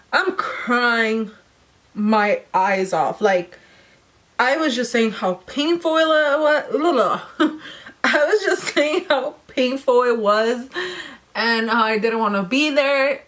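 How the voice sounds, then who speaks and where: A young woman vlogger casually telling a personal story while doing her makeup, acting out what people said. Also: fairly high pitch. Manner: chatty, animated retelling with quoted voices. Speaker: beauty vlogger.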